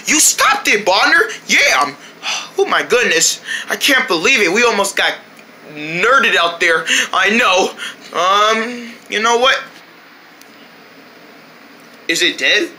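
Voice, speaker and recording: A performer acting out a playful comedy skit in several voices, excitable and shouting often, with quick, rambling talk. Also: mid-range voice, slight background noise.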